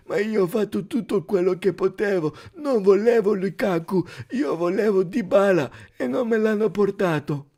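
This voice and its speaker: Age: adult. Sex: man. Figure: gravelly whiny coach. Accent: Italian. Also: high-pitched, warm tone, voice pushed up, heavily acted. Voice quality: gravelly, croaky like a heavy smoker. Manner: whiny, hesitant, full of drawn-out "eh"s. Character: gravelly complaining male football coach impersonation.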